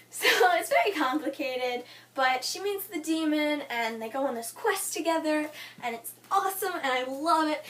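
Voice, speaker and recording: A young woman gushes about a novel in a casual, giggly ramble. Her voice sits high and leaps around with excitement. She sounds a little distant from the microphone. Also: a little hiss or hum. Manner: gushing, animated, giggly fangirl rambling. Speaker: book vlogger. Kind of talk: casual book review chat.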